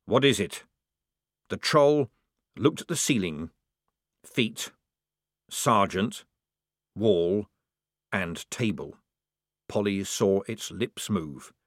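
A man narrating a comic fantasy story at an unhurried pace, his pitch rising and falling freely. His delivery is measured and dry. The recording is close and dead, with no room echo. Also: expressive. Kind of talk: audiobook narration.

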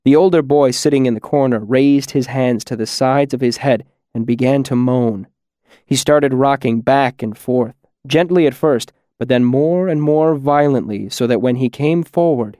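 An audiobook narrator, male, reads a quiet first-person audiobook at a moderate pace. His pitch is medium, and the recording is dry with clean studio sound.

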